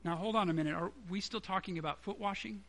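A man's voice: high-pitched, fast, a bit bright. A man preaching a sermon, earnest and conversational, with emphatic stresses.

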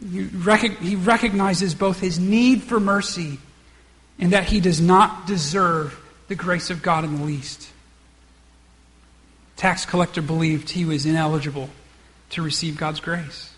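A man's voice: high-pitched, steady tone, unhurried, fairly bright tone, in a large hall. A man preaching a sermon, acting out the characters' lines and often restarting his words. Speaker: pastor.

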